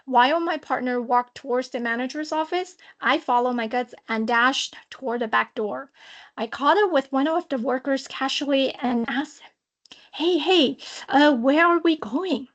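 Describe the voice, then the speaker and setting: A woman with a high, bright-sitting voice tells a work story as a social compliance auditor. She speaks on a video call webinar, with a lively, dramatic storytelling manner and playful asides. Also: moderate pace, highs cut off. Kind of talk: prepared talk telling a work story. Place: online webinar.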